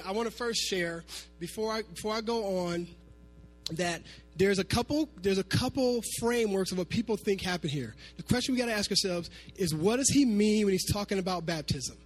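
A man preaching a sermon to his congregation, animated, sometimes half-singing his phrases. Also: high voice, a little fast, soft background music. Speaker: pastor.

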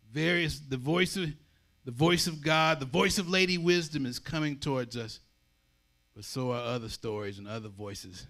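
A man preaching a sermon in a conversational, animated way, acting out voices as he goes. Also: a little high. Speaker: pastor.

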